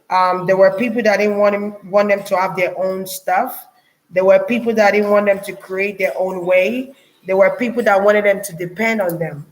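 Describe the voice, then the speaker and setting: Slow-talking woman musing through a spiritual reading. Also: mid-range voice, low-quality recording. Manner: slow, musing, with frequent fillers and restarts. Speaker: spiritual channeler. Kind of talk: casual spiritual reading vlog.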